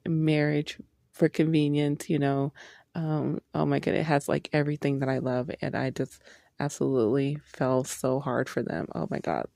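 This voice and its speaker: A woman giving a casual book review vlog, excitable and gushing, swearing freely as she talks. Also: low-pitched, creaky, no echo, clean studio sound.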